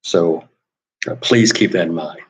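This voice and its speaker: Man, low voice, solo talk host, wry, rambling, repeats himself, emphatic points. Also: a little slow, rough recording. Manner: wry, rambling, repeats words while thinking aloud.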